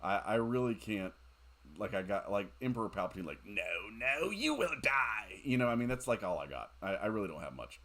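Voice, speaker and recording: A tired young man chatting casually while streaming a game late at night, rambling, giggling and reacting loudly to the game. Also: low voice, lively intonation, fast.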